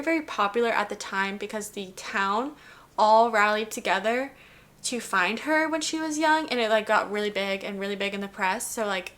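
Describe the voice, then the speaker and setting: A young woman in her twenties chats casually about her month of reading. Her voice sits a little high, and she leans on "like" and loose restarts as she talks. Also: a bit bright. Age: 20s. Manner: chatty, heavy use of "like", giggly. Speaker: book vlogger. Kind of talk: casual reading wrap-up chat.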